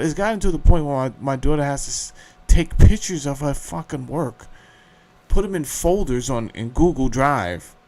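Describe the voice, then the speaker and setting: A man's voice: on the high side, a little mellow. Profane, heated man ranting. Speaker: show host. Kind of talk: ranting talk show monologue.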